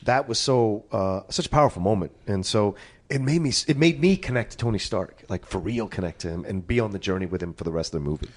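A quick-talking man co-hosts a film podcast with emphatic, joking energy. His pitch rises and falls a lot. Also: lively intonation. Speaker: podcast co-host. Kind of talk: casual film chat.

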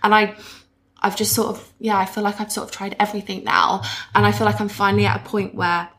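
A woman's voice: medium pitch, level tone, fast talker, a bit bright. A young woman in her twenties, a podcast guest, talking casually. Her speech is loose and full of fillers and restarts as she tells her story. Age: 20s. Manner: casual, many fillers and restarts, speaks in likes. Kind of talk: casual chat.

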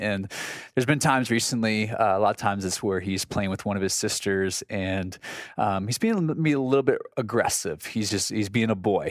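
A man's voice: on the low side, no room sound, clean studio sound. A man in his thirties hosting a faith podcast, talking in an earnest, conversational way about family and listening, often restarting his sentences. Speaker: podcast host. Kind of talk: reflective devotional talk.

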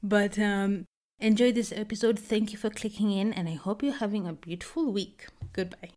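A young woman hosts her own podcast, chatting solo indoors at a relative's house. Her mid-range voice is a little mellow and moves at normal speed, and she rambles casually, often pausing to rephrase.

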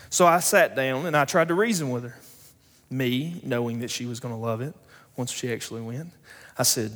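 A man's voice: mid-range voice, moderate pace, fairly bright tone. A young man, a pastor, preaching a sermon in a storytelling way that builds into emphatic preaching. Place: church sanctuary. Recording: long hall reverb.

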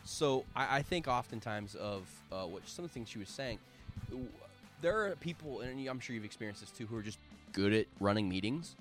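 A man co-hosting a podcast in casual chat, animated and stumbling into quick restarts. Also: medium pitch, faint music behind. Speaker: podcast co-host.

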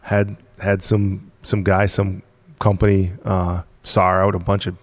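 A man's voice: low voice, level tone, measured pace, dry recording. A man from the United States, a podcast guest, telling his story bluntly and casually, swearing now and then and laughing between points. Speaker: podcast guest, apparel company founder.

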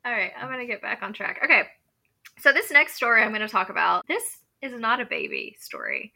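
A woman's voice: a little high, huge pitch swings, a little fast, gravelly, pushed and bright. A woman co-hosting a podcast, chatting casually and reading folklore aloud, profane and prone to asides and laughter. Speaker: podcast co-host.

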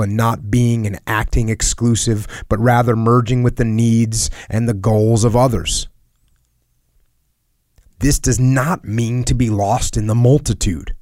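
A man reading a personal letter aloud in a solemn, earnest and measured way, sometimes dropping to a hush. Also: fairly low pitch, no echo, clean studio sound. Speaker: reader of a letter.

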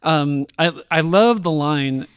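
A man's voice: fairly high pitch, takes it slowly, clear, resonant tone, dry recording, clean studio sound. A young man co-hosting a movie podcast, chatting casually with rambling enthusiasm. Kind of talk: casual chat.

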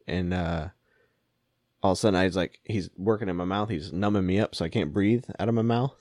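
A man's voice: low-pitched, fairly quick, a little mellow, no room sound, studio quality. A man casually telling a funny story, laughing often and acting out what people said. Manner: laughing storyteller, acts out quotes. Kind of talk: casual chat.

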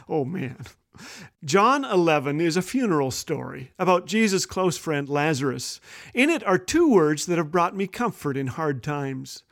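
A man's voice: fairly high pitch, big pitch swings, normal speed, creaky. Man telling jokes on a devotional show. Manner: jokey, warm storyteller turning earnest. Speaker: host. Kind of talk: humorous devotional radio talk.

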